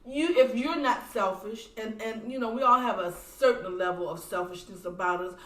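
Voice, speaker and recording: A woman guest on a podcast telling a personal story in an earnest, animated way and speaking of her faith. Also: on the high side, moderate pace. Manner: animated, acts out voices in quoted dialogue. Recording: roomy sound from a distant mic.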